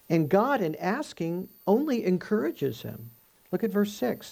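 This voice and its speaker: A man's voice: high-pitched, huge pitch swings, a little slow, vocal fry, a little mellow. A man giving a conversational Bible teaching, explaining scripture verse by verse and asking rhetorical questions.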